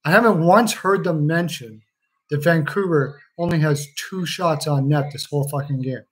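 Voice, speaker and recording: A man's voice: fairly high pitch, moderate pace, a bit bright, rough recording. A man chatting casually as he watches a hockey game on a live stream, joking, swearing and laughing often.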